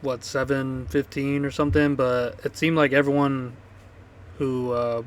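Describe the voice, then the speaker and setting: Relaxed rambling man recapping a gig. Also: medium pitch, a little slow. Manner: relaxed, rambling with fillers and easy laughs. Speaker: podcast co-host and band member. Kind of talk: casual chat.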